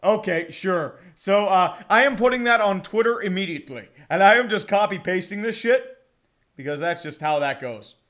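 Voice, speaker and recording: A man calling a football game play-by-play on a live fan stream, excitable and profane, chatting with his viewers between plays. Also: high voice, normal speed. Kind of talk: live watch-along commentary.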